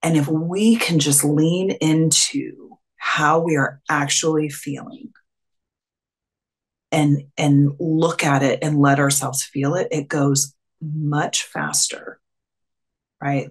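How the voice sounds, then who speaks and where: A woman coach talking casually as a webinar guest, full of fillers and acted-out quotes. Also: low-pitched. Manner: chatty, filler-heavy, acts out quoted dialogue. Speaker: clarity and confidence coach.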